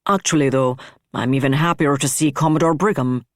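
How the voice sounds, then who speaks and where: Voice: medium pitch, fairly quick, no echo, clean studio sound, close to an everyday voice. A narrator voicing a no-nonsense male staff officer who talks bluntly and to the point. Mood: eager. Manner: blunt and focused.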